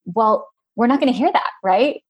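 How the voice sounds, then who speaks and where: A woman's voice: fairly high pitch, animated, normal speed, slightly rough. A woman guest in an interview, talking in a reflective, casual way with many fillers.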